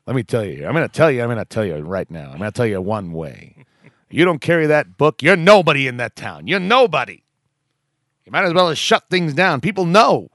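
A man's voice: medium pitch, very animated, fairly quick, fairly bright tone, no echo, clean studio sound. Man doing a blustering mock-indignant caller with a wobbly put-on accent. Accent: put-on mixed accent. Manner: pushy, ranting, mock-indignant. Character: brash pushy man phoning a bookstore, blustering.

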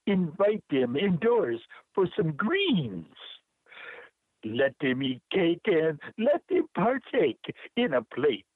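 A man's voice: on the high side, sing-song, takes it slowly, no room sound, full character voice. A man calling in on the phone, reading a poem aloud in a put-on Jamaican accent. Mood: playful. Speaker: caller. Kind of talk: poetry reading. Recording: phone line.

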